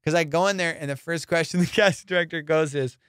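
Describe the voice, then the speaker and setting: Animated, profane comedian telling a story. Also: male voice, fairly high pitch, quick pace, smooth, no room sound, clean studio sound. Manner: profane, animated, acts out quotes. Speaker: podcast host and comedian.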